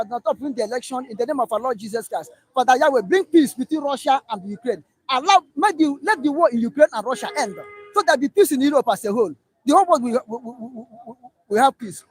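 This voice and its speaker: A man with a Nigerian accent calling in, talking emphatically and chanting slogans and blessings. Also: very high voice. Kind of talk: animated phone-in talk.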